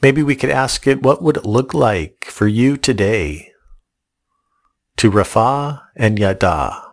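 A man with a gravelly, creaky voice delivers a devotional sermon. He speaks in slow, measured phrases and repeats key words, often restarting mid-sentence. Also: medium pitch, lively intonation. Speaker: pastor.

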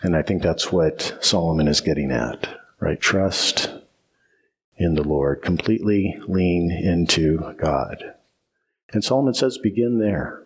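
A man's voice: low voice, measured pace, slight background noise. A man preaching a sermon as pastor, emphatic and repetitive, often asking "right?" and restarting phrases.

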